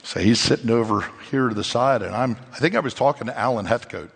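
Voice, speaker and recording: A male pastor preaching a sermon in an animated, conversational way, full of rhetorical questions. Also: mid-range voice, quick pace, creaky, breathy edge, in a large hall. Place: church sanctuary.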